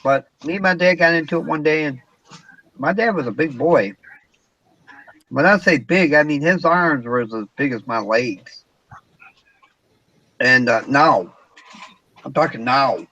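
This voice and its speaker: Man with a fairly high voice, plain storytelling. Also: a little slow, long pauses, pushed and bright, no echo, lo-fi sound. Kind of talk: casual storytelling chat. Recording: faint background noise.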